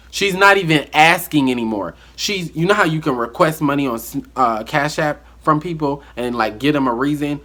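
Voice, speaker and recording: A man telling a story from his life in a casual vlog monologue, animated and acting out the dialogue. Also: mid-range voice.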